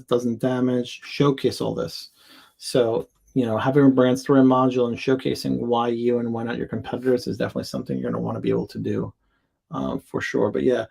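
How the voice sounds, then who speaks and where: Chatty man with a gravelly voice. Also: mid-range voice, darkish tone. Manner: loose and chatty, full of ums and likes, thinking aloud. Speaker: sales account executive reviewing seller listings. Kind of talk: casual live-stream product listing review.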